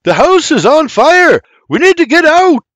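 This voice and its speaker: Man doing a frantic young man yelling over a fire, high and loud. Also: lively intonation, extremely slow, no echo, exaggerated voice. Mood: frantic shouting. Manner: frantic shouting. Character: young man screaming to wake family in fire.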